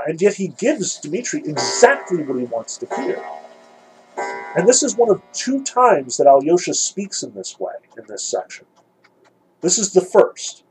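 A man's voice: on the high side, a little mellow, slightly rough, low-quality recording. A man giving a thoughtful, emphatic lecture on a novel, reading passages aloud and picking them apart. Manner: thoughtful, emphatic, some restarts. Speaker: literature lecturer.

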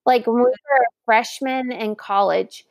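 Chatty woman with a slight fry. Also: a little high, unhurried, no room sound, muffled recording. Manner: animated storyteller, acts out quoted voices. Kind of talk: casual chat, telling a dating story.

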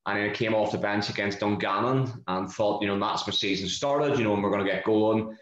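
A man, a football player answering interview questions in a halting, casual way. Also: lowish voice, fairly bright tone. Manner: halting, repeats words as he talks. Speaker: footballer guest. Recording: roomy, dull lo-fi recording.

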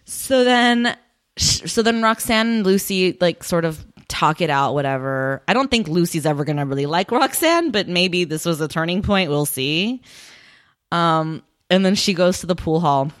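A woman's voice: lowish voice, expressive, normal speed. A woman chatting casually as a podcast co-host, recapping a show, swearing often and acting out the characters' lines. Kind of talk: casual chat.

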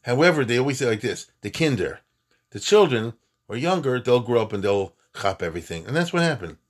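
A man teaching Jewish history in a lively, emphatic classroom talk, full of asides and restarts. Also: medium pitch, fairly quick. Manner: animated, emphatic, conversational with many asides and restarts.

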